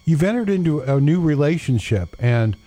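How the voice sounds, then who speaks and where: A man co-hosting a Christian radio show as a pastor, giving unhurried, fatherly advice with frequent pauses and fillers. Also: on the high side, expressive, warm tone, no room sound. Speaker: pastor and co-host. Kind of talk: casual Christian radio talk.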